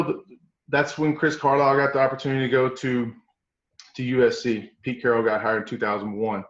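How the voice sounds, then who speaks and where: A middle-aged man from East Tennessee with a Southern accent, telling coaching stories in a folksy, animated way on an interview show. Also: mid-range voice, reverberant, highs cut off. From East Tennessee, USA. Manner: folksy, animated, quotes others in voices. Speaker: strength coach guest. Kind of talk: storytelling interview.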